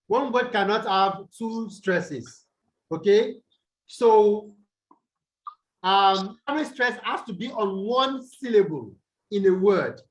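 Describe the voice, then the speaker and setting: A man's voice: high voice, fairly bright tone, poor audio. A Nigerian man teaching English over a video call, repeating points and quizzing his students with "what?" prompts. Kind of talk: online tutorial lecture.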